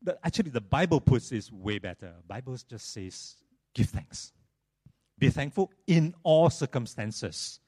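Animated male preacher with lively pitch. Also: normal speed, hardly any pauses. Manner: animated, repeats phrases, storytelling. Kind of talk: sermon.

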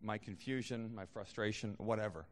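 A man's voice: on the low side, moderate pace, in a large hall. A man preaching a sermon as a pastor, conversational, with frequent restarts and fillers.

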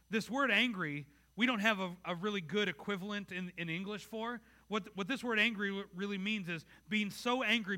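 Male pastor, high voice, very bright and cutting tone, earnest conversational sermon full of rhetorical questions. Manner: earnest, talks straight to the congregation with rhetorical questions.

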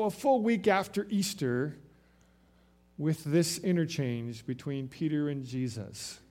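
Man preaching, sermon, animated storytelling, fairly high voice, loud-to-soft swings. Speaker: pastor.

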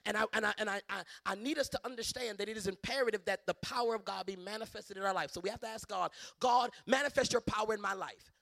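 A middle-aged man preaching a sermon as a bishop, impassioned, surging to loud emphatic peaks, with stammering restarts and repeated words. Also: sits high, steady tone, fast, gravelly, hardly any pauses, no room sound.

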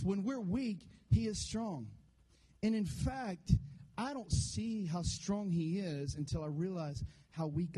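Male pastor, high but mellow voice, preaches casually with jokes and congregation call-outs. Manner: conversational, joking, call-and-response with the congregation. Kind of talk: sermon.

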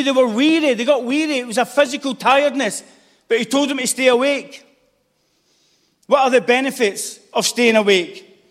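A man's voice: very high voice, fairly bright tone. A man preaching a fervent sermon in a church hall, pressing his points with repeated calls and exclamations. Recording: long echoing reverb of a large hall.

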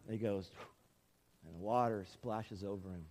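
A man's voice: fairly low pitch, moderate pace, a little hiss or hum. A male pastor in his forties preaching a storytelling sermon in a church, acting out quotes as he goes. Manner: animated storytelling, acts out quotes.

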